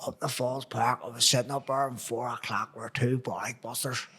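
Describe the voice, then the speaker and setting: A man's voice: mid-range voice, fairly even intonation, moderate pace, pushed and bright, breathy edge. Nostalgic Belfast man, rambling chat. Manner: rambling, nostalgic, uses slang like "wee" and "crack". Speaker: podcast host. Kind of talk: casual chat.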